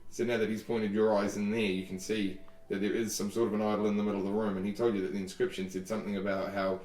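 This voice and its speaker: A man running a tabletop game as game master, narrating scenes with a few halting restarts. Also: on the low side, level tone, darkish tone. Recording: roomy, distant mic.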